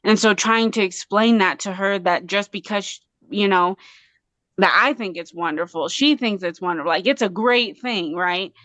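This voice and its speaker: A woman's voice: medium pitch, moderate pace, fairly bright tone, no room sound. A woman from Colorado, a guest on an interview show, talking earnestly and passionately with many restarts. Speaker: guest artist and mother. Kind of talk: casual interview talk.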